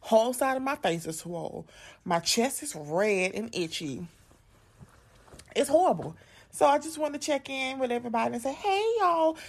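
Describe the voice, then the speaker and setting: A woman's voice: fairly high pitch, animated, normal speed. A young woman, a content creator and podcast host, talking in an emphatic, casual monologue, often saying "like" and "right?". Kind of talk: casual direct-to-camera monologue.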